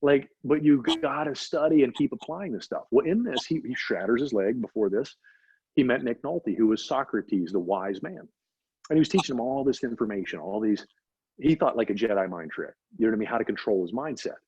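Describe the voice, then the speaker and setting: A man's voice: mid-range voice, animated, a little fast, darkish tone, husky, no echo. A man, a doctor being interviewed, telling a story with emphatic repetition. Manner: emphatic, repeats for effect. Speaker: guest, doctor. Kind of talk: animated storytelling in conversation. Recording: dull lo-fi audio.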